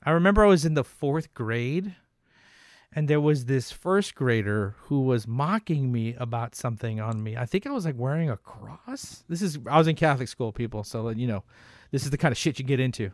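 A man's voice: medium pitch, animated, moderate pace, dry recording, clean studio sound. A man co-hosting a casual podcast, telling stories animatedly with laughs and swearing. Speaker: podcast co-host. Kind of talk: casual chat.

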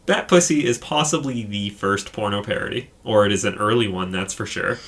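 A man's voice: fairly low pitch, fairly quick, a bit bright. A man co-hosting a podcast, retelling a film in casual, profane chat. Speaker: podcast co-host.

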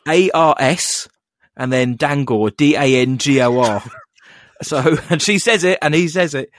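A man's voice: on the high side, a little slow. A man, co-hosting a casual fan podcast and recapping scenes in a chatty way, mocking the characters in put-on voices. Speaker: podcast co-host.

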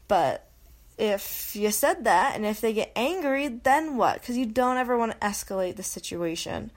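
Chatty, self-mocking young woman podcaster. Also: on the high side. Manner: chatty, self-mocking, laughs often, quoted voices. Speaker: podcast host. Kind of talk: casual solo podcast monologue.

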